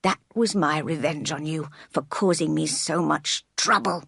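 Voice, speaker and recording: A woman reading the lines of a dying, resentful old aunt in a weak, halting way. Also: low voice, gravelly, fairly bright tone, slightly rough, no echo, studio quality, heavily acted. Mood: bitter.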